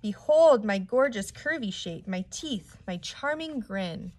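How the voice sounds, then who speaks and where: A woman's voice: mid-range voice, expressive, slow pace, a little mellow. Cruel bony aunt, sneering, snappish, storybook, woman reader.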